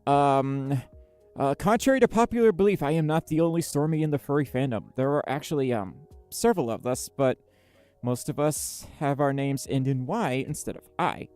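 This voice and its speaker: A bubbly, giggly streamer chats casually on a livestream, reading chat messages aloud with lots of fillers. Her voice is extremely low in pitch and mellow, at a normal speed. Faint music plays behind her.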